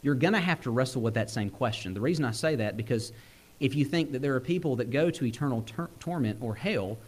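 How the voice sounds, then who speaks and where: A young male preacher, delivering a sermon. He is a bit sick, and his delivery swings in pitch and pace, with frequent chuckles. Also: expressive, fast talker. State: sick, using cough drops.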